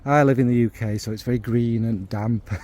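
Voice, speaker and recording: A man's voice: mid-range voice, steady tone, brisk, warm tone. A man reviewing fragrances in a casual, rambling and joking way, with many fillers and restarts.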